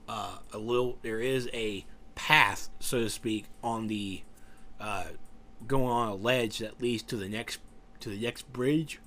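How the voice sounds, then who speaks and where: A man's voice: fairly low pitch, steady tone, slow, sharp tone. A tired, yawning man giving casual, rambling commentary over a game raid walkthrough, joking and trailing off as he tries to recall names. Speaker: gameplay guide commentator.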